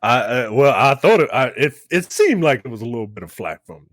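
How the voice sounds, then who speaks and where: A man in his thirties co-hosting a casual podcast chat, telling long animated stories with lots of restarts. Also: mid-range voice, quick pace, no echo, clean studio sound. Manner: rambling, animated storytelling with restarts. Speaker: podcast co-host.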